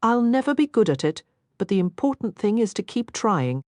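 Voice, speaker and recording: A woman's voice: medium pitch, sing-song, darkish tone, dry recording, voice pushed up, lightly acted. A woman doing a spirited, indignant young noblewoman. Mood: earnest. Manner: quick, indignant, earnest.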